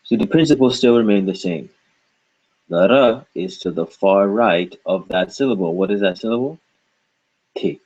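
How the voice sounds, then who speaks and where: A husky, fairly low-voiced man teaches a reading lesson at an unhurried pace, breaking words into syllables and repeating each one patiently. The recording is dull and lo-fi. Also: a little mellow. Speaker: language teacher.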